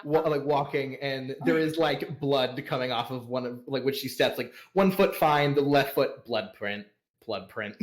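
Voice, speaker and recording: A man's voice: mid-range voice, unhurried. A man acting as game master who narrates a tabletop game in a rambling way, full of fillers and laughs.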